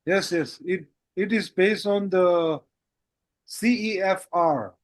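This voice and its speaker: A man teaches a language lesson, his voice sitting high and his pace unhurried. He keeps coming back to the same little phrases as he explains. The sound is dry and close. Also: no echo. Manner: repeats "that's it" and "how goes it". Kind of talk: casual online language lesson.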